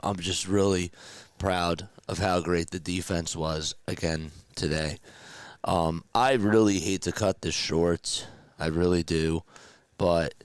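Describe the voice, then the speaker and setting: Hoarse, low-voiced male fan caster. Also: slow, no room sound. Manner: excited calls that rise to shouts. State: hoarse, straining his voice. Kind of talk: live fan play-by-play call and sign-off chat.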